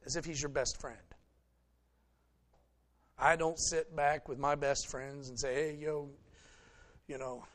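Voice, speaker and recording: A middle-aged male pastor gives a relaxed, folksy sermon and talks to the congregation as if chatting with friends. His voice sits a little above the usual male pitch. He slips in wry jokes between the points he makes. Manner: folksy, joking, speaks to the congregation directly. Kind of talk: conversational sermon.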